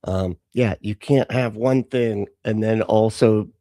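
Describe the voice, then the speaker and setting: A man's voice: lowish voice, slow, dark tone, no room sound, clean studio sound. A man hosting a casual live stream, chatting and laughing with viewers as he reacts to videos. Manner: chatty, greets chat viewers, laughs often. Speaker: livestream host reacting to videos.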